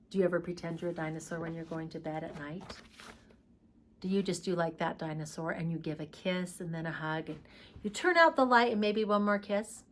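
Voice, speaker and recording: A woman teaching a preschool craft class and reading a picture book aloud to young children, slow and playful. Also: fairly low pitch, a little hiss or hum.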